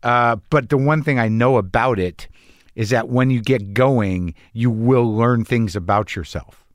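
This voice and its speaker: A middle-aged man in casual conversation, blunt and swearing freely, with halting restarts. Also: medium pitch, dry recording, studio quality. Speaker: comedian and podcast host.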